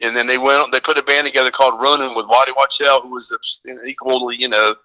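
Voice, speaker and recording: Very bright-voiced older man telling stories. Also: mid-range voice, steady tone, fast, no room sound, low-quality recording. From American South. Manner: rambling, enthusiastic storyteller. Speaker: guest drummer. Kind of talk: casual phone-in storytelling.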